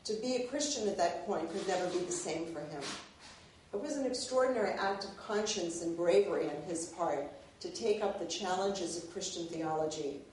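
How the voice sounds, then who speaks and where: A woman giving an academic lecture, animated and given to laughing. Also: lowish voice, slight background noise. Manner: animated, laughs while reading a favorite passage. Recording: echoey hall, mic at a distance.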